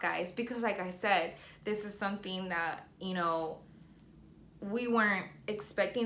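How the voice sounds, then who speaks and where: Breathless excited woman vlogger, roomy sound. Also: medium pitch. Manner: chatty, tearful and excited, many fillers. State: slightly out of breath. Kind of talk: emotional personal vlog.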